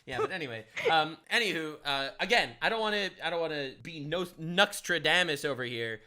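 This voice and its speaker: A man hosts a casual podcast and riffs with irreverent jokes. His voice is tense and sharp, with lively swings of pitch, and it sits a bit higher than most men's. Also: brisk. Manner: joking, irreverent, animated. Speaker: podcast host.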